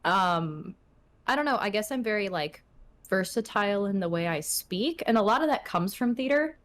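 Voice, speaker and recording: A young adult woman, a streamer appearing as an interview guest, speaks at a moderate pace with a medium-pitched, expressive voice. Her casual chat is packed with filler words and self-deprecating remarks.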